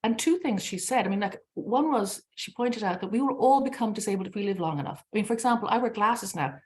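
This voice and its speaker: Irish woman middle aged, talks fast and passionate on a panel, lots of ums. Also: mid-range voice, expressive, a little mellow. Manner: candid, passionate storytelling with many fillers. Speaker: panel speaker. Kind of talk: unscripted panel talk.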